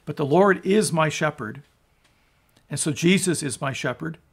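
Male pastor, slightly higher voice, earnest sermon delivery with swelling emphasis and quiet, low phrase endings. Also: normal speed, vocal fry, husky. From United States. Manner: earnest, rises in emphasis on quotes, drops low at phrase ends; restarts and stumbles on words. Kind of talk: sermon, scripture reading and commentary.

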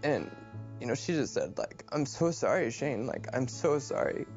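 A young man speaking in a documentary interview, recalling events quietly and haltingly with frequent restarts. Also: medium pitch, lively intonation, faint music behind. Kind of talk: documentary testimony. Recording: slightly muffled film audio.

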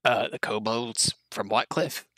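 A man's voice: fairly low pitch, moderate pace, pushed and bright, no echo. A man voicing a foul-mouthed goblin guide at a fort, blunt and offhand. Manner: blunt, casual, dismissive.

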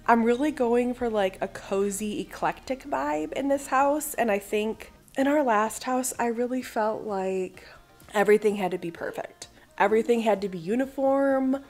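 A woman's voice: fairly high pitch, darkish tone. Chatty woman vlogging from home. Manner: chatty, rambling, upbeat. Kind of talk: casual vlog chat. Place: her own living room at home.

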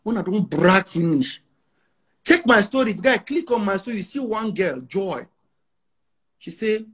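Nigerian man in his 40s with a Pidgin-laced accent, boastful interview guest, high husky voice with lively swings. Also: normal speed, long pauses. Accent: Nigerian English with Pidgin. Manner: emphatic, repeats himself, mixes in Pidgin.

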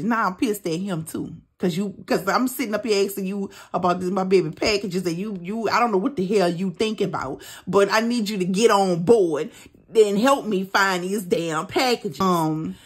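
A woman hosting a budgeting vlog, telling a personal story in casual chat, emphatic and animated, with casual swearing. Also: medium pitch, moderate pace, slightly rough. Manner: casual, with frequent mild swearing. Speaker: budgeting channel host.

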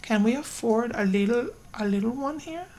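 A woman giving casual let's-play commentary, excitable and talking to her game characters, with sudden loud outbursts. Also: a little high, moderate pace. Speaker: gaming YouTuber.

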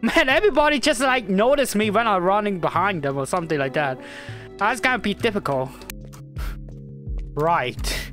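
Excitable woman narrating gameplay, lively pitch. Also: normal speed, long pauses, soft background music. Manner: excitable, yelling at game characters, frequent laughter. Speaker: gaming YouTuber. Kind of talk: casual gameplay commentary.

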